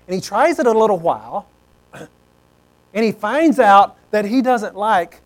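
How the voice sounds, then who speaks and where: A male preacher tells a story in a folksy, conversational way. His voice sits high for a man. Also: sing-song, measured pace, rough recording. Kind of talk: sermon.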